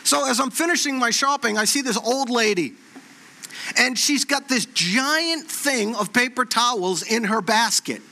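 Male preacher, bright high voice, animated sermon storytelling, repeats lines for effect. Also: unhurried. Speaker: pastor.

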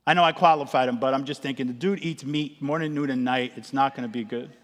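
A man's voice: mid-range voice, quick pace. A man preaching, telling a funny personal story and acting out the voices of others. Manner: animated, comic storytelling, acts out voices. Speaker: pastor. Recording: echoey hall.

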